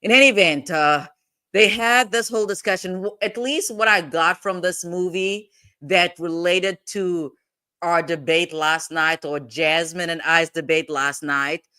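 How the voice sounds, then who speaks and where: A woman's voice: on the low side, measured pace, sharp tone, smooth. A woman hosting a legal commentary livestream, rambling and digressive in casual talk, breaking into laughs often.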